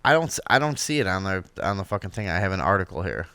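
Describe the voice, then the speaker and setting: A man's voice: deep voice, big pitch swings, fast, bright, forceful tone, smooth, no room sound. Guy cohosting a talk show, lots of laughing and crude jokes, bouncy voice, dry sound. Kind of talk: casual joking chat.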